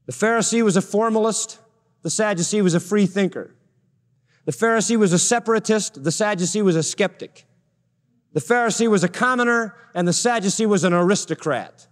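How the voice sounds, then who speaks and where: A man's voice: sits high, expressive, fairly quick, long reverb tail. A male pastor preaching a sermon emphatically, stressing his points with repeated parallel phrases.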